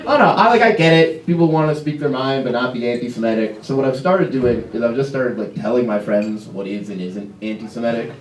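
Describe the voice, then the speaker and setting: A man's voice: mid-range voice, a little hiss or hum. Young man doing stand-up in a club. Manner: self-deprecating, quick asides and stumbling restarts. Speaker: stand-up comedian. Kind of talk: stand-up routine. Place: comedy club stage. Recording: roomy club from a distance. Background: audience laughter.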